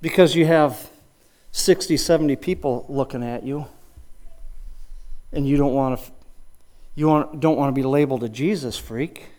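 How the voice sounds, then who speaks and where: A man's voice: mid-range voice, moderate pace, long pauses, a little mellow. A middle-aged man giving a conversational sermon, asking rhetorical questions and often restarting his sentences. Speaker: preacher and high school wrestling coach.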